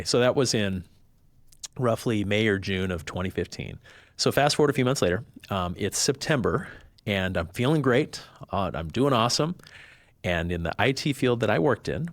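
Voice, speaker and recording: Animated low-voiced man telling a story. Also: moderate pace, dry recording. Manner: animated, acts out quoted voices. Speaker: podcast guest. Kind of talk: storytelling in casual chat.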